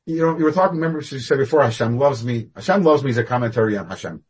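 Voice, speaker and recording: A man giving a Torah class over a video call, talking animatedly with sudden jumps up and down in pitch and loudness. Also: lively intonation, very fast, husky. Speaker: rabbi teaching a class.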